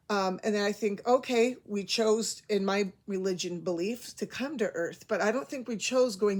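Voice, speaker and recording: A woman's voice: medium pitch, normal speed. A woman in her forties hosting a casual storytelling monologue, chatty and prone to rambling. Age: 40s. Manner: rambling, self-aware, chatty. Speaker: host.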